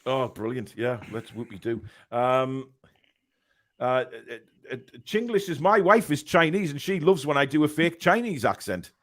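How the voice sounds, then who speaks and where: A man's voice: mid-range voice, big pitch swings, normal speed. A man hosting a casual football podcast, reading out live chat comments with lots of ums and uhs.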